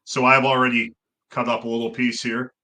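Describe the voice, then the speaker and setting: A man's voice: mid-range voice, flat delivery, brisk, bright, forceful tone. A man on a podcast in casual chat, hesitant and unsure, talking through fillers. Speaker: podcast guest. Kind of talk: casual chat, food taste test.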